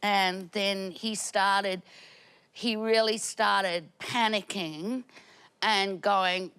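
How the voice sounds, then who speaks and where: A woman guest on a comedy panel show, telling a rambling story with laughter and shouted quotes. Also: mid-range voice, fairly even intonation, takes it slowly, smooth. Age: older. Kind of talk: comic storytelling. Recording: studio audience laughter behind.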